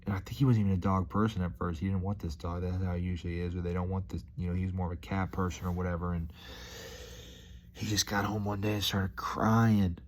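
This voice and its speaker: A man's voice: deep voice, flat delivery, quick pace. A man talking casually in a rambling, laid-back vlog monologue, calling the listener dude and man. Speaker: vlogger.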